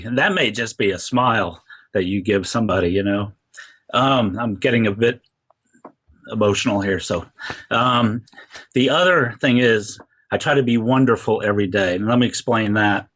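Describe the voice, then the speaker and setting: A man's voice: fairly low pitch, fairly bright tone. A man as a podcast guest, talking earnestly and rambling with many fillers. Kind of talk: casual interview talk.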